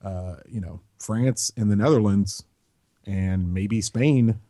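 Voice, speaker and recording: A man's voice: on the low side, slow pace, warm tone, no echo, studio quality. A man co-hosting a casual soccer podcast, rambling into joking side stories before getting back to team talk. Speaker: podcast co-host.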